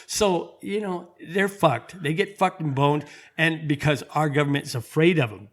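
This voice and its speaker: Profane, heated podcast host. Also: male voice, on the high side, a bit bright. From United States. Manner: heated, profane, stumbling restarts. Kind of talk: casual political rant.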